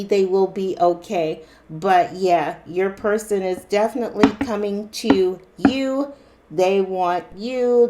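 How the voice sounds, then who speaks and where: Speaking at a middle pitch with a dark tone, a woman reads tarot cards aloud for her viewers in a loose, chatty style. She talks right to them, repeats herself a lot, and keeps breaking in with fillers and little exclamations like "wow" and "interesting."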